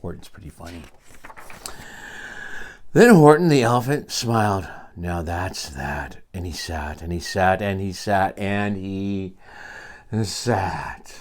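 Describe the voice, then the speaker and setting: An older man reading a picture book aloud to his grandchildren, expressive, with quiet asides to the children. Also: deep voice, takes it slowly, long pauses. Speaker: storyteller.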